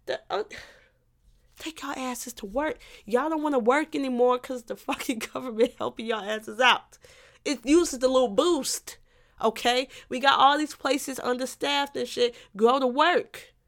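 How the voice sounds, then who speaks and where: A woman's voice: high voice, creaky. Blunt, profane young woman ranting. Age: 20s. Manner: blunt, profane, scolding, repeats phrases. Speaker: podcast host. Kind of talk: satirical rant.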